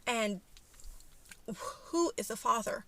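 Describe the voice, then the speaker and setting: A woman's voice: fairly high pitch, expressive, slow pace, creaky, fairly bright tone, full character voice. A woman voicing a defensive, stern young mother in a narrated life-sim story, scolding and pushing back.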